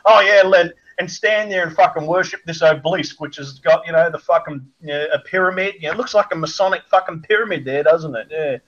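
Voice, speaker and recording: Blunt, profane male guest with a high voice; muffled lo-fi audio. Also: brisk, few pauses, a bit bright. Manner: blunt, crude, sarcastic. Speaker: podcast guest. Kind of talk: profane ranting commentary.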